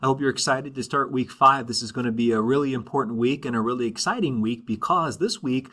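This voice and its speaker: A man's voice: medium pitch, fast talker, sharp tone. Guy teacher recording his class intro, upbeat, says uh a lot and keeps checking all right?. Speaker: Spanish teacher.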